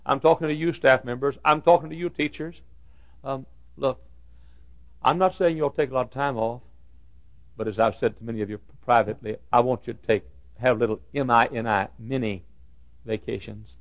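A man's voice: mid-range voice, normal speed, long pauses, dry recording. A man preaching to school staff in a folksy sermon, telling humorous stories with self-deprecating asides. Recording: dull lo-fi recording.

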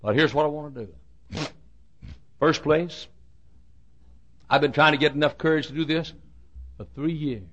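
A middle-aged pastor delivers a sermon in a high, bright voice. He tells a story at length and swells into shouted climaxes. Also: measured pace, long pauses, highs cut off.

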